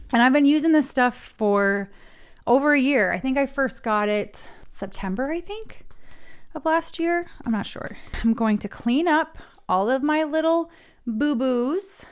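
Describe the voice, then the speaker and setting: A woman's voice: high-pitched, clear, resonant tone. A woman in her thirties casually talking through painting her nails at home into a desk mic, narrating each step as she goes. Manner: chatty, self-narrating while painting nails. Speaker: beauty vlogger. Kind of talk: casual tutorial chat.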